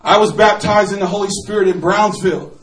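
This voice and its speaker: A male preacher giving a sermon testimony, animated storytelling and laughing often, sometimes bursting into shouts. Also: high-pitched, fairly quick. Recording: echoey room, from far off.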